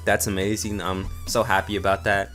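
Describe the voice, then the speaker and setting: A man's voice: low-pitched, flat delivery, moderate pace, fairly bright tone, faint music behind. A man vlogging a rambling story in a casual, profane way, full of "you know" and "like" fillers.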